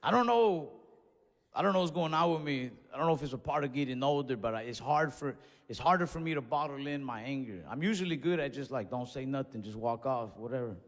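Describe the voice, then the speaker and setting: A young man doing a stand-up comedy set on stage, telling stories in an animated way that builds to outbursts. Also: medium pitch, fairly quick, big-room sound. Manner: animated storytelling with escalating outbursts. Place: comedy stage before a live audience.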